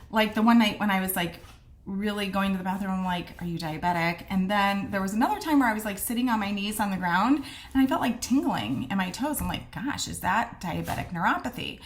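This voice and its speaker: A middle-aged woman with a mid-range voice tells her own story in a casual, candid way. She acts out the lines people said to her with lively, animated energy. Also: medium pitch. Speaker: midwife sharing her diagnosis story.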